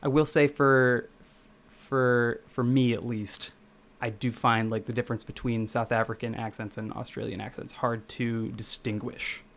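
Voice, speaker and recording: A man's voice: mid-range voice, steady tone, a little slow, creaky, fairly bright tone. A young man from the Midwestern United States, chatting casually with viewers as he codes on a live stream, rambling and correcting himself as he goes. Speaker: game developer streaming live. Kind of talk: casual live-stream chat while coding.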